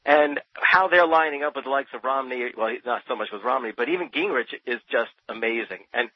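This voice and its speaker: A man's voice: medium pitch, fairly quick, slightly rough. A man from New Jersey, a radio interview guest, speaking passionately and emphatically, often repeating words as he builds a point. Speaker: radio guest, expert on Thomas Paine. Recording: dull, dry lo-fi radio sound.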